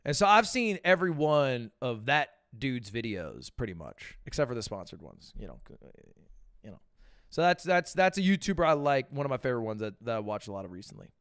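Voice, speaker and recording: Smooth-voiced man rambling on a stream. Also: mid-range voice, very animated, a little fast, a bit bright, no room sound, studio quality. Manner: rambling, stammering restarts, profane slang. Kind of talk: casual livestream chat answering viewer questions.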